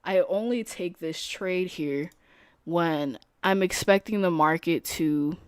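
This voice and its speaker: A woman's voice: on the low side, takes it slowly, clean tone, no echo, clean studio sound. A young adult woman streaming as a day trader, talking casually in slangy speech, laughing easily and explaining her setups.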